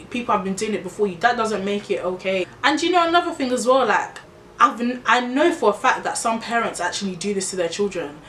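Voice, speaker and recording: A woman from Nigeria ranting in an opinion vlog, blunt and animated, calling her viewers babes. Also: medium pitch, roomy sound, slight background noise. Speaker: vlogger.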